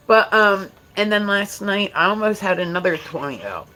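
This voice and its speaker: A woman's voice: mid-range voice, lively intonation, moderate pace, bright, forceful tone, poor audio. Woman rambling on her live stream, chatty and blunt, cussing casually. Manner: chatty and frank, swears freely, talks to chat. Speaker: livestreamer. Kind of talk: casual livestream chat.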